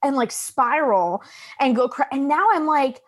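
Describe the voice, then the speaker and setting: A woman in her late twenties talks in a casual podcast chat. Her voice sits a little high. She is chatty, candid and swears freely. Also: animated, a little slow. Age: late 20s. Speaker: comedian guest.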